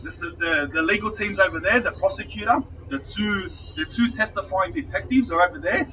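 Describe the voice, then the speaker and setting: A man's voice: high voice, fairly quick, pushed and bright, distant mic, slight background noise, low-quality recording. A man with an Australian accent casually telling a rambling story, swearing and laughing at himself.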